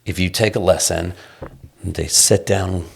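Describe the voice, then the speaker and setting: Gravelly low-voiced man telling stories. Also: a little slow. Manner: animated storyteller, frequent restarts, swears casually. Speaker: guest songwriter. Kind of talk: casual interview talk.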